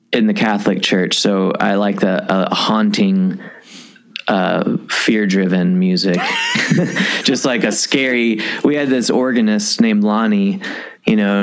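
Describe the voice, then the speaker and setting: Fairly low and creaky, this man's voice belongs to a thirtysomething musician from Kentucky. He's a guest chatting casually, wandering off on tangents and leaning heavily on filler words.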